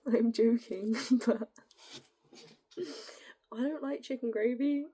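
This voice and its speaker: A woman's voice: sits high, fairly even intonation, takes it slowly, long pauses. Giggly young woman with northern English accent. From northern England. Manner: rambling, giggly, drifts into soft whispery asides. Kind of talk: casual musing monologue.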